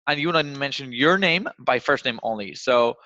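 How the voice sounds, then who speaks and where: Sales coach acting out receptionist calls. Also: male voice, mid-range voice, animated, normal speed, sharp tone, no room sound. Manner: acts out phone calls in a raised voice. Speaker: sales trainer. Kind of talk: coaching over a video call. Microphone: video call. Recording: dull, dry video call audio.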